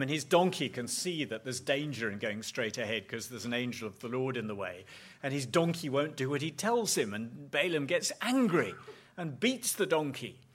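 A man's voice: mid-range voice, a bit bright. A man speaking at a conference, teaching on Bible passages in a thoughtful way and often repeating words as he searches for his phrasing.

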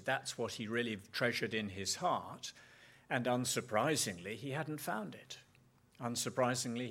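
A man's voice: medium pitch, fairly bright tone. Man giving a reflective Bible talk. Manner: thoughtful, repeats words while searching for phrasing. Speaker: conference speaker.

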